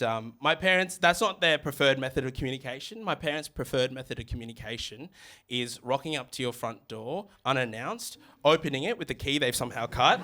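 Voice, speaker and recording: A young man in his twenties doing stand-up comedy, telling stories in a conversational way with quick asides. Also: medium pitch, pushed and bright, a little hiss or hum. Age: 20s. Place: living room.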